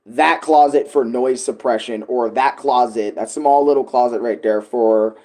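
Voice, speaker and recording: A man's voice: mid-range voice, moderate pace, darkish tone. A man talking casually about making his song, rambling with lots of fillers and swearing. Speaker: music creator vlogging.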